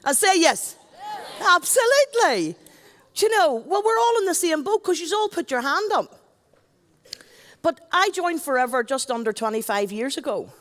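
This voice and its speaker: A woman's voice: very high voice, sing-song, moderate pace, fairly bright tone. A middle-aged woman with a Northern Irish accent, an MC on stage giving a chatty, joking talk and addressing the crowd. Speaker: event MC. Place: stage at a large event. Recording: long hall reverb.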